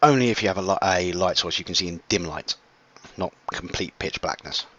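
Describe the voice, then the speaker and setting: Low male game master, bright and pushy in tone, meandering narration full of ums, muffled mic. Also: a little fast, a little hiss or hum. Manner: rambling, lots of ums and restarts. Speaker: dungeon master.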